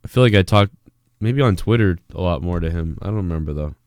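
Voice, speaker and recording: A man's voice: deep voice, lively intonation, fast, a little mellow, no room sound, clean studio sound. A man hosting a live stream in casual chat, rambling, swearing freely and reading viewer messages aloud. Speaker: live-stream show host.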